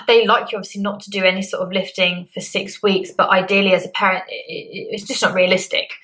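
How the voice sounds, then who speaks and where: A woman's voice: medium pitch, flat delivery, fairly quick, pushed and bright, low-quality recording. A young woman vlogging to camera in a candid, chatty way, acting out little quoted reactions. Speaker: beauty vlogger. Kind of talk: casual chat to camera.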